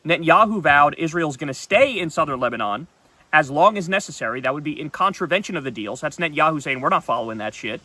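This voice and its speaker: A man's voice: on the high side, expressive, fast talker, pushed and bright, no room sound. Blunt, profane male political host. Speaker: political talk show host. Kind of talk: solo political commentary.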